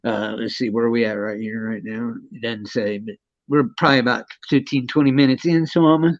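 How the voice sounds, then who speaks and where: A man's voice: medium pitch, fairly even intonation, brisk, dull audio. A man chatting casually on a live stream, rambling and swearing, often breaking into laughter. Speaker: co-host.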